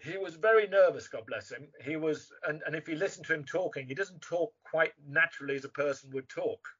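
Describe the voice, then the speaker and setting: Brief: English man, husky higher voice, chatty guest, dull lo-fi audio. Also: fairly quick. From England. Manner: chatty, animated, mimics voices. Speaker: guest actor. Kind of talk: casual interview chat. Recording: muffled lo-fi remote audio.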